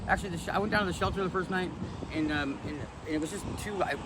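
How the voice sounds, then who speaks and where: A man being interviewed outdoors, talking in a halting, defiant way with many restarts and repeated words. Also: sits high. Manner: indignant and defiant. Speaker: homeless camper being interviewed. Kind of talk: casual street interview. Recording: loud traffic noise outdoors.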